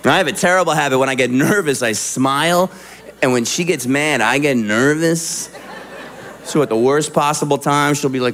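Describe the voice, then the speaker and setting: A man performing stand-up comedy, animated and acting out little voices for his jokes. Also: medium pitch, measured pace, long pauses, a faint crowd. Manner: animated, acts out voices for the punchlines.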